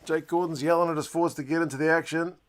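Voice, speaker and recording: Excitable man reacting live to rugby. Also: a little high, very fast. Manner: chatty play-by-play that bursts into loud excited shouts and mild swearing. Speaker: host of a live match watch-along. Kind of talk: live sports reaction commentary.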